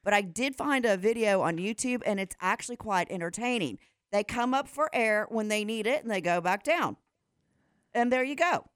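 A woman's voice: medium pitch, animated, moderate pace, clear, resonant tone, no room sound, studio quality. A woman presenting a sports segment on the radio, chatting and giggling as she explains a story. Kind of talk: casual radio chat.

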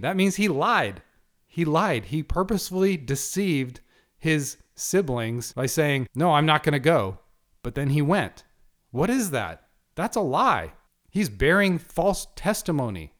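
Emphatic man asking rhetorical questions. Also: on the high side. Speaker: speaker giving a monologue on religion. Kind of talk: passionate monologue.

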